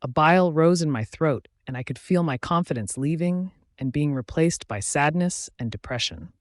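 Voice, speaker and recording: A man's voice: fairly high pitch, expressive, normal speed, dry recording. A man narrating a first-person werewolf romance story in a dramatic storytelling reading.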